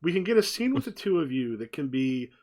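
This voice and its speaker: A man's voice: a little high, sing-song, fairly quick, darkish tone. A man running a tabletop game as game master, rambling and repeating himself as he narrates.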